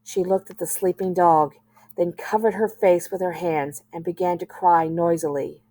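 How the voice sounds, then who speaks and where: A woman with a lowish voice reads a children's novel aloud, steady and gentle in her storytelling. The recording is dry and close, with no echo. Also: moderate pace. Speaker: school librarian.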